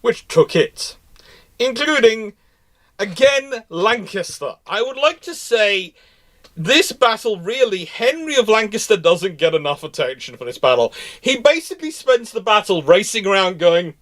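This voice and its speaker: A male naval history presenter tells the story in an informal, enthusiastic lecture, often restarting his sentences. His voice sits high and sounds bright and forward. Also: sing-song, a little slow.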